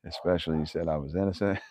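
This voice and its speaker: This livestream host has a low, slightly mellow voice and a steady tone, and he talks fast; the recording is dry. Fielding viewer questions, he tells stories bluntly, swears a lot, laughs freely and angrily quotes things he said.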